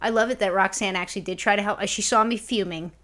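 A woman co-hosting a podcast, telling stories in a blunt, profane, animated way. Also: mid-range voice, fast talker. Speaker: podcast co-host. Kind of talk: casual podcast chat.

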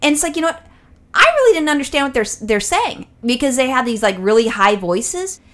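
A woman's voice: high-pitched, a little fast. A woman co-hosting a casual comedy podcast, rambling and profane as she tells stories. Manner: rambling, profane, animated storytelling. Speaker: podcast co-host.

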